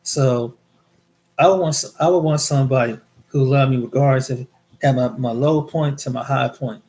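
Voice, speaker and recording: Speaking at a moderate pace, an American vlogger tells of his experiences in a loose, casual monologue, wandering and repeating words along the way. He has a medium-pitched voice with a darkish tone.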